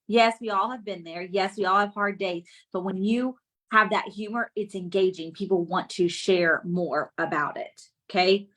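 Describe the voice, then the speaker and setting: A woman giving a lively business coaching talk on a live stream, often checking in with her audience. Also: medium pitch. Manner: energetic, keeps checking in with the audience.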